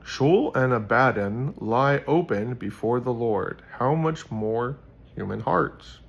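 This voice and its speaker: A man voicing a wise old fantasy wizard, reciting in a slow, solemn, drawn-out way. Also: medium pitch, animated, gravelly, slightly rough, highs cut off, full character voice. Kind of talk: reading scripture aloud in character.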